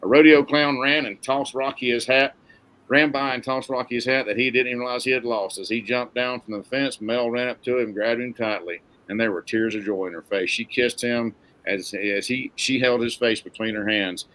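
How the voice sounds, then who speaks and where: A man reading a novel aloud in a steady, plain storytelling manner. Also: mid-range voice, normal speed, rough recording. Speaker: narrator.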